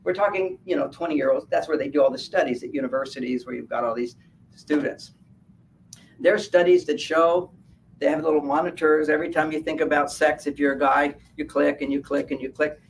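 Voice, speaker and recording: Animated man talking from a distance. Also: fairly high pitch, vocal fry. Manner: animated, laughs at his own points, acts out quotes. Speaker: speaker at a wellness fair. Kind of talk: live talk to an audience. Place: event room at a hotel fair. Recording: distant mic with faint background noise.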